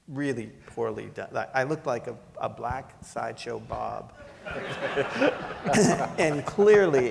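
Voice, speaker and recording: Gravelly guy telling a story to a crowd, lots of laughing, big echoey hall. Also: medium pitch, slight background noise. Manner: animated, laughing, acts out quoted voices. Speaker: panel speaker. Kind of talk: storytelling to an audience. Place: lecture hall.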